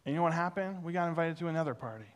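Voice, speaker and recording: A man preaching as a pastor, carrying the sermon through a personal story. His voice sits a bit high and swings widely as he slips into the voices of the people he quotes. He is candid and pokes fun at himself. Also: very fast. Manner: animated, self-deprecating, acts out quoted voices.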